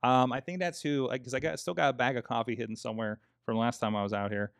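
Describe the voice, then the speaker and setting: A man's voice: medium pitch, steady tone, quick pace, creaky, dry recording. Guy rambling on a podcast, swears a bunch, lots of um and uh, dry mic. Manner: rambling, swears a lot, many fillers and restarts. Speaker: podcast co-host. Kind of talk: casual chat.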